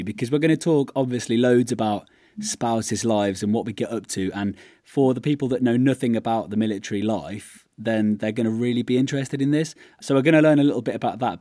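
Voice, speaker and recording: A man's voice: mid-range voice, no room sound, studio quality. A man co-hosting a podcast in casual chat, telling stories and acting out quoted remarks. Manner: relaxed storyteller, quotes people in lively asides. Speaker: podcast co-host.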